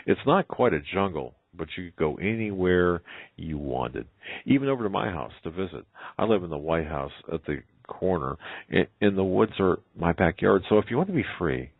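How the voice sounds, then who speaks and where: A man's voice: deep voice, expressive, moderate pace, vocal fry, slightly rough, no room sound, pitched above the performer's own voice, heavily acted. A man voicing a bold, encouraging little girl in a read-aloud story. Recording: tinny phone-like line.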